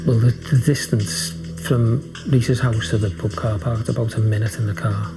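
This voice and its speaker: A man's voice: fairly low pitch, fairly even intonation, moderate pace. A man, a football coach, anxiously recalling events in a documentary interview. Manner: urgent, anxious retelling. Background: music.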